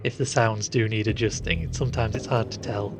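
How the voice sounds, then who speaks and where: A man's voice: fairly low pitch, brisk, music in the background. A man casually commenting on a horror game as he plays it live, chatty and easily grossed out, often laughing. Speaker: game streamer. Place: room sitting in the dark.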